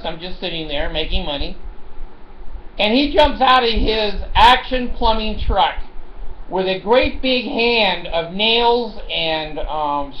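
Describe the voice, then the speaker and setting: A man's voice: high-pitched, a bit bright, reverberant, slight background noise, poor audio. Chuckling man telling a rambling story. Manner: chuckling, full of fillers and asides. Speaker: vlogger. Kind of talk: rambling comic anecdote.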